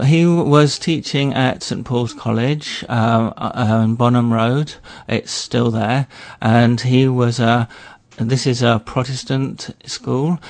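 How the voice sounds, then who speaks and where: A man, a regular history guest on a radio show, telling a story in a relaxed way with wry asides. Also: mid-range voice, gravelly, dry recording. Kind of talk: storytelling chat.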